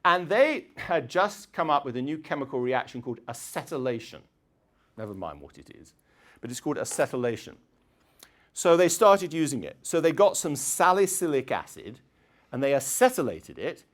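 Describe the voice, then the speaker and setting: A middle-aged man giving a chatty public lecture, often clearing his throat and filling pauses with um and uh. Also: on the high side, sing-song. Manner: chatty, digressive, frequent throat clearing and fillers. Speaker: university lecturer. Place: lecture hall.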